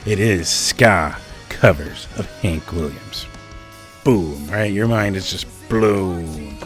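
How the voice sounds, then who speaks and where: A man hosting a casual show about local music, excited, swearing often and laughing between thoughts. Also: low-pitched. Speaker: host. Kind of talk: casual podcast chat. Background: music underneath.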